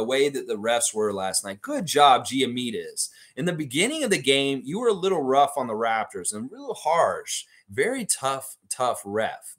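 A man hosting a fan livestream in a casual, rambling way, reading out viewer comments and laughing readily. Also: fairly low pitch. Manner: chatty and excitable, laughs readily, rambling asides.

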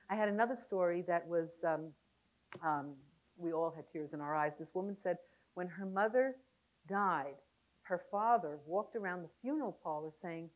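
A woman's voice: fairly low pitch, moderate pace, low-quality recording. A woman leading a relationship class, talking animatedly to a live audience and laughing often. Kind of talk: seminar talk to a live class. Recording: 1990s VHS seminar tape.

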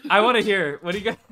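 Fast bright-voiced young male streamer. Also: fairly high pitch. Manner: quick, excitable, laughing, swearing. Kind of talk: casual gaming livestream chat.

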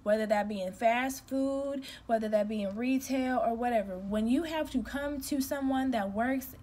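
A young woman with a high voice rants straight at the camera, blunt and emphatic. She talks casually from home, venting in a direct, no-nonsense manner. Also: normal speed, a little mellow. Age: young adult. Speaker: customer care representative.

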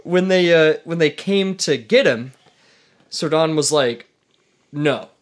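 A man's voice: a little high, unhurried. A man co-hosting a casual podcast, telling history in a rambling way with fillers and frequent laughs. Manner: rambling, laughs often, many fillers and restarts. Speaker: podcast co-host leading the history topic. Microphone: studio microphone.

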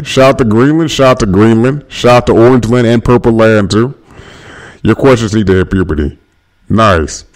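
A young man from Northern California, hosting a casual phone livestream with a voice his viewers single out. He jokes loosely and reads out comments and shout-outs. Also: fairly low pitch. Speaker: livestream host. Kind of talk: casual livestream chat reading comments aloud.

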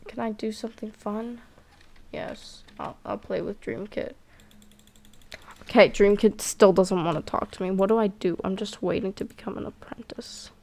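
Sarcastic gravelly-voiced woman gaming. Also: medium pitch, normal speed, a little mellow. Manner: sarcastic and playful, swears at characters. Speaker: gameplay commentator. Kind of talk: casual game commentary, reading character lines aloud.

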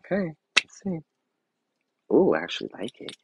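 A man in his thirties, his voice on the high side and his pace moderate, chats on a casual live stream with a noisy background. He's gushing and excitable, heavy on fillers and restarts, sometimes dropping into a soft murmur.

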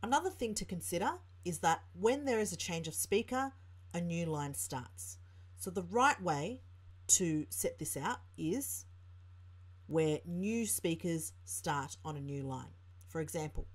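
A woman's voice: on the low side, expressive, measured pace, a little mellow. A woman tutor with an Australian accent, explaining a writing lesson and reading example sentences aloud. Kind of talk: teaching lesson narration.

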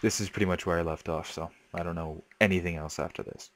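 A young man giving casual, excitable commentary while playing a video game, swearing freely. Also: low voice, fast, very noisy. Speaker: let's play gamer.

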